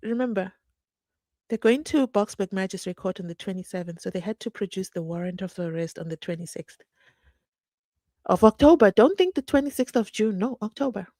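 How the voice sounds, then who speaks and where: A woman's voice: mid-range voice, animated, fairly quick, warm tone, no room sound. Indignant woman with a dry close sound. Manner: indignant, sarcastic, shifts between whispers and outbursts. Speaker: true crime commentator. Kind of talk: animated court recap commentary.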